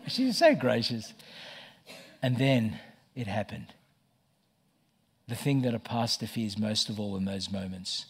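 A middle-aged man preaching a sermon as pastor, telling stories with lively stammered restarts. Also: on the low side, a little slow, pauses often, slightly rough. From Australia. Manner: animated storytelling with stammered restarts.

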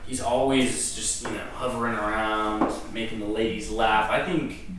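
A man's voice: lowish voice, steady tone, moderate pace. A teenage boy co-hosting a casual podcast chat, teasing and asking the questions. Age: teens. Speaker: podcast co-host. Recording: echoey room, far from mic, noise.

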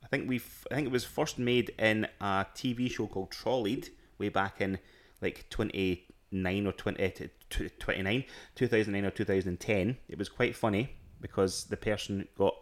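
A Scottish man with a somewhat low voice chats casually on his podcast. He rambles through stories, often restarting his sentences. His delivery is loose and conversational. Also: steady tone, normal speed. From Scotland. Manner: rambling storytelling with frequent restarts and laughs. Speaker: podcast co-host. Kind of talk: casual chat.

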